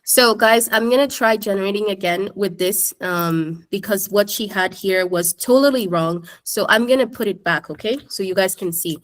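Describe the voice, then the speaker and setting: Woman teacher, casual tutorial, chatty, keeps talking to the class, mid-pitched. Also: moderate pace, few pauses. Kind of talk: casual screen-share tutorial.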